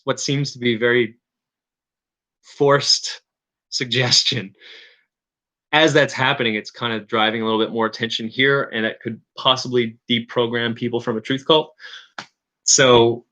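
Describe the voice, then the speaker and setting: Man from Newfoundland, casual stream chat, bright forward tone, halting and rambling delivery. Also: mid-range voice, steady tone. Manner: rambling, halting, with frequent restarts and chuckles.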